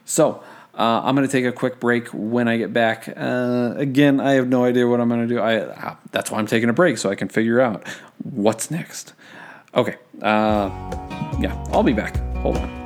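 A young man hosts a casual study-tips podcast, rambling and self-deprecating, with lots of fillers and restarts. His voice is medium-pitched at a normal speed, over soft background music.

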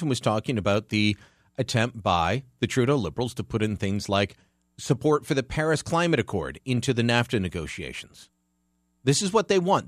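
Radio host, man from Canada, animated and sarcastic, dry studio sound. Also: medium pitch, no room sound. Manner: emphatic, sarcastic, lively delivery. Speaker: radio talk show host. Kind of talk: opinionated radio commentary.

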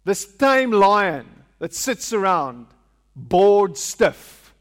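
Slow high-voiced preacher. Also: male voice, very animated. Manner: rhetorical questions, emphatic repetition. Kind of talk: sermon. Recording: long hall reverb.

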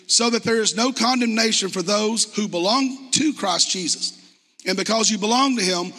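A man's voice: high-pitched, bright, forceful tone, slightly rough, long reverb tail. A man giving an earnest, conversational testimony in a church, reading scripture aloud. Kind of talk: sermon testimony. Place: church hall.

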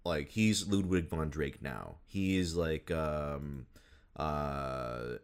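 A man with a very low voice talks loosely in a casual chat. He rambles, restarts often and leans on fillers as he goes. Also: extremely slow, smooth. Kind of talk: casual chat about voice actors.

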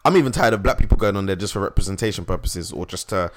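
A young man chatting casually, animated and swearing freely. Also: low-pitched, rapid-fire. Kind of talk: casual podcast chat.

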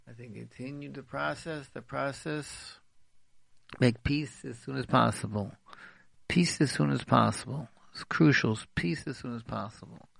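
A man with a heavily gravelly, husky voice gives advice on a radio talk show. He repeats his phrases over and over for emphasis. The sound is dry and close. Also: medium pitch, no room sound.

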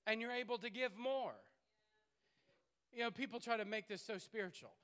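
Animated and playful, a man preaches a sermon in a high, bright voice at normal speed with a clean tone. He builds to loud bursts, then drops into hushed asides.

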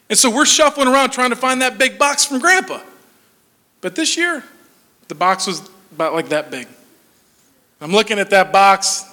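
A man in his forties telling comic stories on stage, animated and laughing through his punchlines. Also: high voice. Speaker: stand-up comedian. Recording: long hall reverb.

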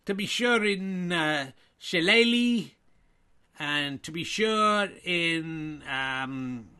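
A man's voice: a little high, lively intonation, very slow, bright, forceful tone, clear, resonant tone, full character voice. A man voicing a hammy male Irish snooker player, with a put-on Irish accent that keeps drifting into Welsh. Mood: jolly. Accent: put-on Irish slipping into Welsh. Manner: jolly, overdone "to be sure" patter. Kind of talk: comic commentary improv.

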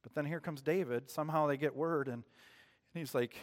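A man preaching a sermon in a church, retelling stories in a relaxed, conversational way and putting questions to the congregation. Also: on the high side, moderate pace, big-room sound.

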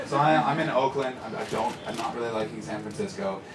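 A man from Canada performing a stand-up comedy set, telling a story and acting out the people in it with sudden shouted lines. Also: medium pitch, fast, background noise. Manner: storytelling, acts out characters with shouted bits. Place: comedy club stage with audience. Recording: roomy live club sound from far off.

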